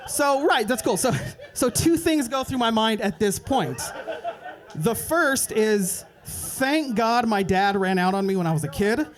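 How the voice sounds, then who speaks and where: A young man doing a stand-up set at an open mic night, telling a rambling story and dropping into quick voices for the people in it. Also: high-pitched, lively intonation, a crowd in the background. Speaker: stand-up comedian. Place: open mic comedy club.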